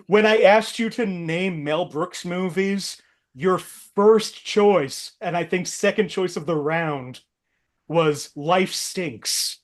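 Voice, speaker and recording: A man with a fairly high voice hosts a movie quiz. He reads each clue out in a steady way and laughs along with his players. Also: slow. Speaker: game show host. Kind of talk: hosting a movie quiz game.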